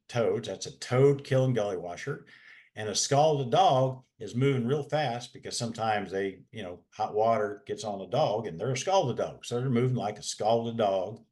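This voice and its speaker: A man's voice: fairly low pitch, a little mellow. A man, a special education advocate, talking in a folksy, rambling way with many restarts. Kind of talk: casual webinar talk.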